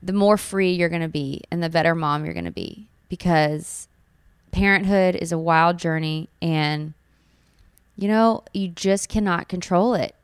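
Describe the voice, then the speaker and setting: Earnest, gushing young mother, crisp voice. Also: fairly low pitch, unhurried, dry recording. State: tearful at times. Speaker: new mother telling her birth story. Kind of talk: personal storytelling.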